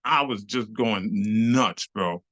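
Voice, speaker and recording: A middle-aged man, a club dancer telling a lively, slangy story as an interview guest and acting out the voices of the people in it. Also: fairly low pitch, takes it slowly, dry recording. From New York City. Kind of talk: animated storytelling.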